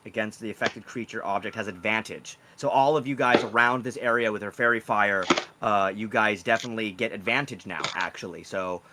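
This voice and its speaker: A man's voice: lowish voice, a little fast, heavy background noise. A man narrating a tabletop game as game master, rambling with many fillers.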